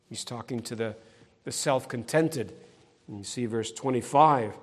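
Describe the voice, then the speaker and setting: A man's voice: medium pitch, measured pace. A middle-aged man preaching a sermon, emphatic and pointed, often turning his statements into sarcastic tag questions. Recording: long hall reverb.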